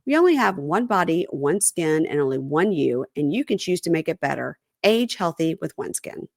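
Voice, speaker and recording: A woman's voice: deep voice, big pitch swings, normal speed, creaky, a little mellow, dry recording, studio quality. A woman hosting a casual reality TV podcast, reading an ad and chatting playfully to listeners. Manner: chatty, playful, addresses listeners as "you guys". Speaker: podcast host. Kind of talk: casual reality TV podcast chat and host-read ad.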